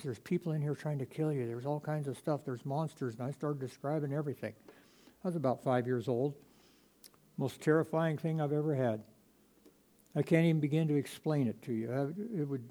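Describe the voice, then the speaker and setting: A man preaching a sermon to his congregation, moving between loud emphatic passages and quiet, hushed asides. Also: fairly high pitch. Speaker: pastor.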